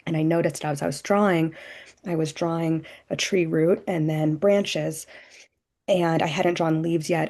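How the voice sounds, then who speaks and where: A woman's voice: sits low, a little mellow. A woman participant on a video call, reflecting aloud in a searching way with many fillers. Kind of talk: sharing in a virtual group call.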